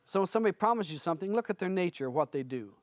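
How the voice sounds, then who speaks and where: A man's voice: sits high, expressive, rapid-fire, dry recording. A man who is a spiritual teacher, giving a blunt, conversational seminar talk full of stories to an audience.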